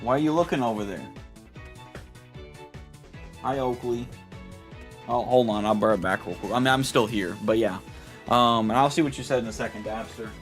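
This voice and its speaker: A man's voice: mid-range voice, normal speed, pauses often, soft background music. A man streamer in casual live-stream chat, rambling and often repeating and restarting his words.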